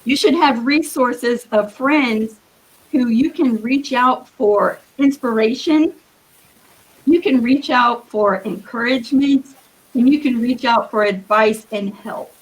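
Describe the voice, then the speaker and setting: A woman giving earnest, encouraging quilting advice as a guest on a live video call, with a husky morning voice. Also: fairly high pitch, takes it slowly, poor audio. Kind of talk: live-streamed advice talk.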